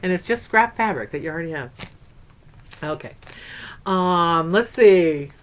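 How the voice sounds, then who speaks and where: A woman's voice: fairly low pitch, expressive, a little slow, a little hiss or hum. An older woman and grandmother chatting casually in a craft vlog, upbeat and rambling. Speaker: craft vlogger.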